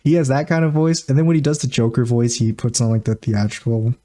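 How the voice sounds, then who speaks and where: A man's voice: medium pitch, quick pace, warm tone. A man co-hosting a casual podcast in an ordinary mid-range voice. He rambles through stories with plenty of fillers and laughs as he talks. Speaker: podcast co-host. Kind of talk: casual chat.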